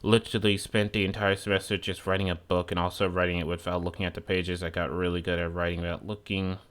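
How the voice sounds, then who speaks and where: A man's voice: low voice, little pitch movement, fast talker, a bit bright. A young man streaming a video game, chatting in a rambling, profane, sarcastic way. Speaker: gaming streamer. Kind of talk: casual chat while gaming.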